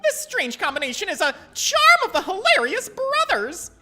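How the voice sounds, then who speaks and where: A man putting on a squeaky excitable Italian-accented young swindler, lively and bright. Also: moderate pace, heavily acted. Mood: gleeful. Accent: put-on Italian. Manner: shrill, exuberant, theatrical.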